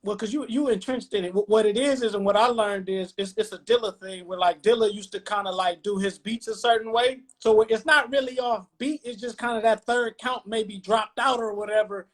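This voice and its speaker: A man's voice: high-pitched, fairly even intonation, brisk, hardly any pauses, fairly bright tone. Laid-back man hosting hip-hop talk. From Detroit, USA. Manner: laid-back, explanatory, frequent "you know what I'm saying". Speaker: podcast host.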